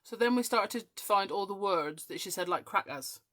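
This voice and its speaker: A crafting show host from the west of Scotland, in her forties, chats casually and rambles with many ums while she works. Her accent is English but keeps a faint Scottish twang. Her voice is medium in pitch, moderately paced and fairly bright.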